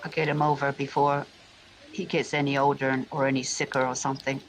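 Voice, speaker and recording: A man's voice: medium pitch, little pitch movement, fairly quick, slight background noise, low-quality recording. A man from England telling rambling family stories, full of restarts and asides. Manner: meandering, frequent restarts and asides. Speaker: vlogger. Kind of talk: rambling personal storytelling.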